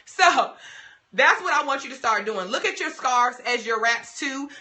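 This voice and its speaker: Young woman, livestream host, sassy and playful, bright forceful voice, fairly high. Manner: sassy, playful, emphatic repetitions. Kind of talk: casual livestream tips talk.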